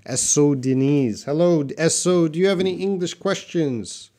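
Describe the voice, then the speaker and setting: A middle-aged man hosting a live English lesson, reading chat comments aloud and modelling words slowly. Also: fairly high pitch, warm tone.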